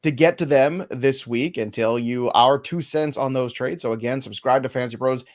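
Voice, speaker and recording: A man hosting a casual sports podcast, playful and laughing often as he runs through a quick rundown. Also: medium pitch. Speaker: podcast host.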